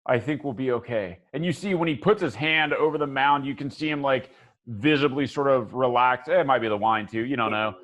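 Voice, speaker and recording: A man narrating as game master of a tabletop game, rambling with many fillers and dropping quiet for eerie details. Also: mid-range voice, brisk.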